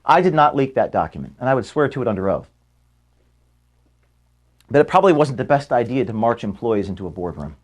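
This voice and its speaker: A man records a farewell statement for his staff in an office room. His voice sits at an ordinary middle pitch, and his delivery is earnest and measured. When he is moved he turns quiet and halting. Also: big pitch swings. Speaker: organization founder addressing staff.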